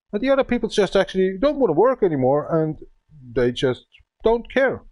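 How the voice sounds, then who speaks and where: A man's voice: high voice, very animated, normal speed, darkish tone, dry recording. A man in his thirties from Germany, a native German speaker talking English with a German accent, ranting and swearing in broken English on a casual game stream. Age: 30s.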